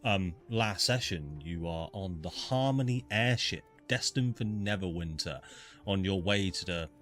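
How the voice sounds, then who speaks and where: A man running a tabletop game as game master, narrating in a relaxed, easygoing way with many ums. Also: sits low, unhurried, faint music behind.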